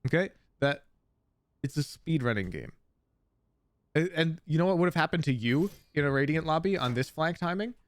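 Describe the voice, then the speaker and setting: A man's voice: on the high side, animated, normal speed, long pauses, no room sound. A man coaching a player through a gameplay review, emphatic and blunt, repeating his key points. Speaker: game coach.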